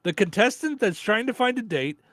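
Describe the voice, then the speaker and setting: A man hosting a radio show in casual chat, relaxed and full of fillers. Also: sits high, fairly quick, dry recording, studio quality. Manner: relaxed, chatty, lots of fillers.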